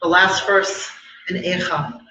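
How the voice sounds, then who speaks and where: A middle-aged woman giving a personal testimony at a memorial event, measured and emotional, with pauses. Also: fairly low pitch, level tone. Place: live event hall. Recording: echoey hall, dull sound, noisy.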